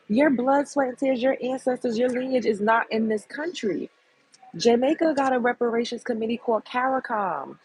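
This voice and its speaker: Woman, livestream host, very husky voice, blunt heated profane rant. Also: a little high, moderate pace, darkish tone, rough recording.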